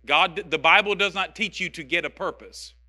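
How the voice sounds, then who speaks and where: High, sharp-voiced passionate preacher man. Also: normal speed. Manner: passionate, emphatic, repeats phrases for stress. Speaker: pastor. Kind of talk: sermon.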